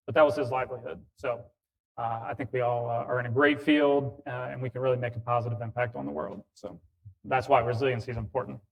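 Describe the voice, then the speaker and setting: A man on a conference panel telling a personal story in a lively, chatty way. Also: mid-range voice, fast, vocal fry.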